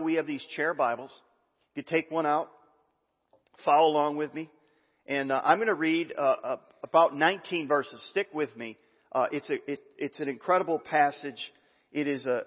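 Pastor preaching in a reverberant sanctuary. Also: male voice, a little high. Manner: reads scripture aloud with asides, some halting restarts. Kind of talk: sermon. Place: church sanctuary. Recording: muffled, long hall reverb.

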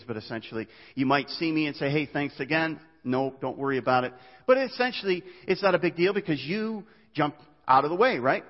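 A man preaching from the pulpit, his voice carried on a long reverb through a large hall and sounding slightly muffled. He moves between loud, raised stretches and quieter ones, tripping over words and restarting as he goes. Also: medium pitch. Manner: animated preaching with frequent stammered restarts. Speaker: pastor. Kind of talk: sermon.

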